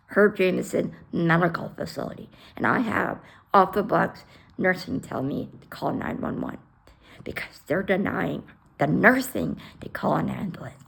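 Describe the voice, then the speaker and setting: A woman telling an emotional personal story bluntly, swearing and acting out the dialogue with sudden loud outbursts. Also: fairly low pitch, creaky. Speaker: storyteller sharing her life.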